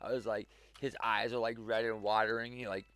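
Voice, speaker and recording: A man's voice: on the low side, level tone, a little fast, fairly bright tone, faint music behind. A man streaming a game, telling a story casually, rambling with lots of "like" fillers and chuckles. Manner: rambling, full of "like" fillers and restarts.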